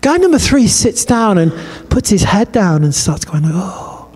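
A man preaching a sermon, telling a story in a conversational, animated way and acting out the dialogue. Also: sits high, normal speed. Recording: long hall reverb.

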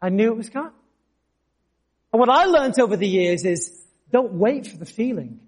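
A male preacher giving a sermon, telling his own testimony in an animated storytelling way. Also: high voice, normal speed. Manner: storytelling, animated, jumps to shouts.

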